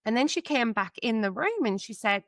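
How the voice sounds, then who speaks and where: A woman's voice: on the high side, very animated, normal speed, no room sound, studio quality. A woman in her thirties, a podcast guest, telling a personal story in a candid, chatty way with lots of fillers. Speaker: guest, psychic medium and mentor.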